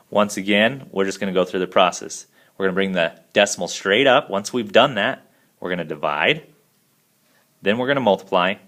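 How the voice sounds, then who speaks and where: Male math teacher, deep voice, calm step-by-step voice-over for a lesson video. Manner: steady step-by-step explaining.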